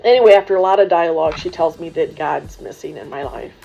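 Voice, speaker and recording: A former coach who is now a religious sister tells students a funny story in a deep, creaky voice, speaking fast. She laughs as she goes and voices the other people in the dialogue. The sound is dull and muffled, with faint music underneath.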